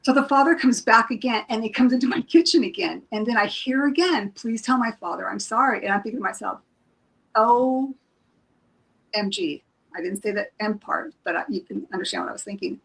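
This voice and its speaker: This woman speaks briskly in a fairly high voice, and the recording is rough. She's a psychic reader guest on a live stream, sharing something that happened to her in a loose, emotional way. She keeps starting over and acts out what people said.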